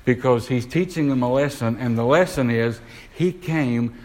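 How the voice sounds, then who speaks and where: Male preacher, mid-pitched voice, questioning sermon delivery. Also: darkish tone, rough recording. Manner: asks the congregation questions, slows down to stress words.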